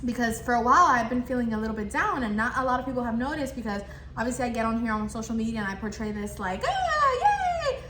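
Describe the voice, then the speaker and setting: A high, bright young woman telling a story on her vlog between bites of food, animated and chatty. Her voice rings in an echoey room with faint background noise. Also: rapid-fire. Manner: animated, talks while chewing, acts out the customer exchange. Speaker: vlogger. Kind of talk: casual storytime while eating.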